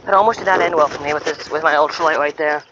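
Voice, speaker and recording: A man with a somewhat high voice talks casually while fishing at a pond, rambling, stopping and restarting his sentences. The outdoor recording sounds dull and lo-fi, with steady noise clearly audible behind him. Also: rapid-fire. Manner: rambling and chatty, with frequent stops and restarts. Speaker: fishing vlogger.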